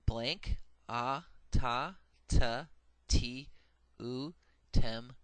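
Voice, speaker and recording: A man's voice: medium pitch, drawn-out words, a bit bright, clean tone, no echo. A man giving a recorded grammar lecture, methodical and patient, saying each form twice with frequent "uh" fillers. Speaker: Hebrew grammar teacher.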